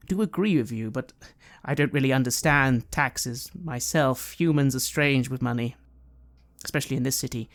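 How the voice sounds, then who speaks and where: A game master voicing a calm, aloof male elf who speaks slowly and deliberately. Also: close to an everyday voice. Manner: slow, measured, low.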